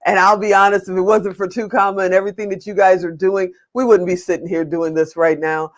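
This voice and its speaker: A woman's voice: mid-range voice, little pitch movement, a little fast. Female host, effusive and gushing, casual interview chat.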